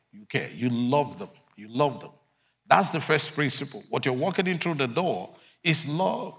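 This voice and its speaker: Man, preacher, sermon, emphatic, loud then hushed. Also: medium pitch. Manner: emphatic, swinging between loud declarations and quiet asides.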